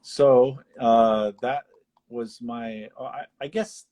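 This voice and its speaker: A man co-hosting a live chat, retelling film scenes and jumping into high-pitched voices to quote characters. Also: slow. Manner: animated retelling, acts out lines in high voices. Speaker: podcast co-host. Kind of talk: casual chat about a film.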